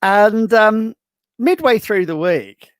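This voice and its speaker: A high-pitched man talks slowly in a smooth voice, with no echo in the recording. As an author guesting on a podcast, he tells anecdotes in casual chat, a lively storyteller who restarts his sentences often.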